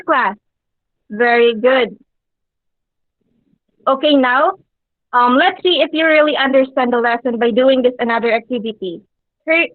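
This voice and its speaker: A woman teaching an English lesson to a class. She pauses often and checks in with her students through frequent questions. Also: high-pitched, no room sound, narrow, tinny audio. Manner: pauses often, with occasional fillers. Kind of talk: classroom lecture addressing students.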